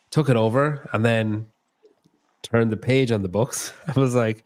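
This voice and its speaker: An Irish man hosting a podcast in casual chat, talking quickly in asides and laughing often. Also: mid-range voice, darkish tone. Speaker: podcast host.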